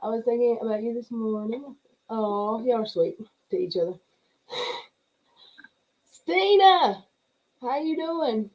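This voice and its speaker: A middle-aged woman with a drawl and a mellow, relaxed voice chats loosely through a livestream. She laughs often and greets each viewer by name as the comments scroll past. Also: on the high side, slow, long pauses, poor audio. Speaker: livestream host. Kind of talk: casual chat reading live comments.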